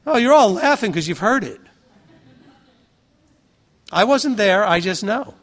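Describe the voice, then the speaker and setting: A man's voice: high voice, lively intonation, unhurried, fairly bright tone. A man preaching a sermon to his congregation in a conversational way, asking rhetorical questions and acting out what other people say. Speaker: pastor.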